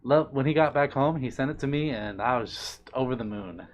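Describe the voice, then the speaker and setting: Close to a desk mic, a playful man chats casually on a live stream and reads chat messages aloud in a doting, bubbly voice. His pitch swings widely, swooping high on greetings and names, and his relaxed talk is brisk, with the highs cut off.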